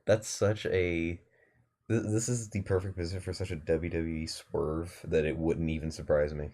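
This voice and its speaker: A young man co-hosting a casual podcast, tossing in quick jokes and blunt opinions. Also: sits low, little pitch movement, mellow. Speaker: podcast co-host. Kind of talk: casual chat.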